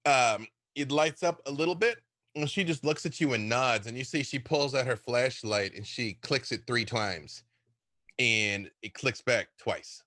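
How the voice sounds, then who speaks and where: A man's voice: mid-range voice, unhurried, bright, forceful tone, no echo. A man narrating a survival horror tabletop game as game master in a loose, rambling way.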